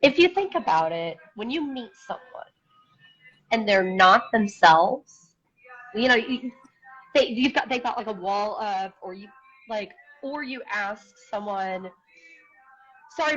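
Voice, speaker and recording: A woman's voice: medium pitch, expressive, measured pace, fairly bright tone, slightly rough. A woman guest in a casual interview who talks bluntly and repeats words as she searches for them. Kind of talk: casual live-stream interview. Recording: dull lo-fi sound.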